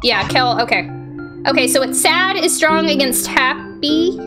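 A woman hosting a let's play, thinking aloud in a chatty, unsure way and often yelling out in excitement. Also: sits high, a little slow. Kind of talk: gaming commentary. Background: game music.

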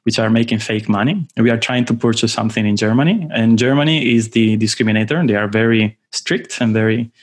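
A man with an Italian accent, from southern Italy, giving an informal online lecture with playful, animated storytelling. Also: fairly low pitch, brisk, hardly any pauses.

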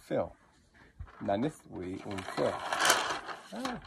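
A man giving a patient pronunciation lesson, repeating words slowly to model how they sound. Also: lowish voice, background noise. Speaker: language teacher.

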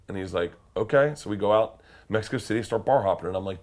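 A man, a comedian guest, telling animated profane stories and acting out the other people's voices. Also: lowish voice, fast talker. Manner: lively, profane, acts out voices. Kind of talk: animated storytelling.

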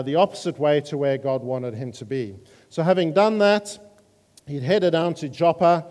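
Male preacher, earnest and halting, mellow tone, long reverb of a church hall. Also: on the high side, clear, resonant tone. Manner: earnest, halting, with frequent fillers. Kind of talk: sermon.

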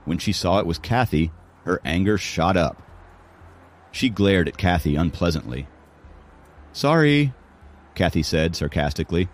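A man narrating an audiobook in a dramatic storytelling manner. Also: sits low. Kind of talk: scripted narration.

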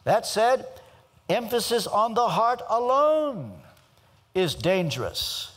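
An older man from the United States gives a theology lecture in a slow, weighty preaching cadence, leaving dramatic pauses between phrases. His voice sits somewhat high for a man and swings widely in pitch as he stresses key words. A long hall reverb trails after each line. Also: big pitch swings, fairly bright tone. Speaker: theology teacher.

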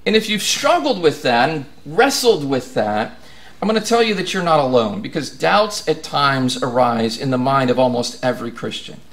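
A man's voice: mid-range voice, animated, moderate pace. A man preaching a sermon in an earnest way, building to emphatic questions.

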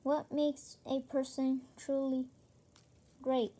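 A woman voicing a calm, thoughtful old male wizard in a children's storybook, slow and halting. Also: high voice. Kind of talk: reading a children's chapter book aloud.

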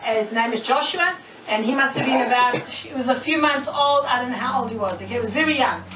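A woman preacher giving a sermon, telling stories in an animated way, often laughing and checking in with "okay?". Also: on the high side, fairly quick, slight background noise. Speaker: preacher, prophetess. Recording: echoey room, mic far off.

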